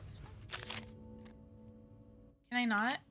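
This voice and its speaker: A woman's voice: drawn-out words, sharp tone, faint music behind. A young woman streaming a game, chatting casually and thinking aloud as she mutters puzzle clues to herself. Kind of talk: casual let's-play commentary.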